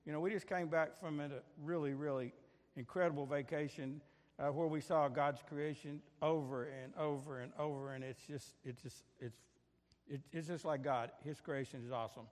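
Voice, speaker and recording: A man's voice: on the high side, fairly even intonation, normal speed, in a large hall. A man leading a prayer and preaching a sermon, telling a story in a folksy way with many fillers and restarts. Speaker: pastor. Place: church sanctuary.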